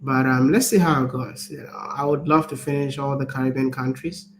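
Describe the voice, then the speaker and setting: A man's voice: mid-range voice, fairly quick. A Ghanaian man, a travel vlogger with a Ghanaian accent, chatting casually and animatedly, often restarting his words. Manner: animated, laughs often, repeats words when starting. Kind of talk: casual chat. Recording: echoey room, faint background noise.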